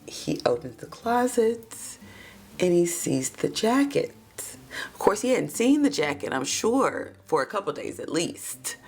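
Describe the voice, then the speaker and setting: A woman's voice: fairly low pitch, very animated, a little slow, darkish tone, breathy edge. A woman giving a casual, gossipy recap of a TV episode, calling her listeners baby and child.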